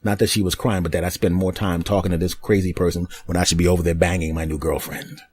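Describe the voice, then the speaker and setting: Male podcast host, deep and dark-toned, rambling crude comic storyteller. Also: level tone, quick pace. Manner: crude, rambling, mock-dramatic. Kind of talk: comedic storytelling monologue.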